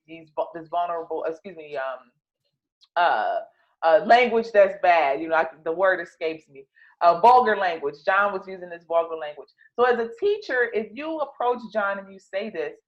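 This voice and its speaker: A woman's voice: mid-range voice, lo-fi sound. A woman explaining classroom teaching methods to other educators, in a chatty way with many fillers and restarts. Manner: conversational, many fillers and restarts, repeats key words. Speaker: teacher trainer. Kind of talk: instructional talk.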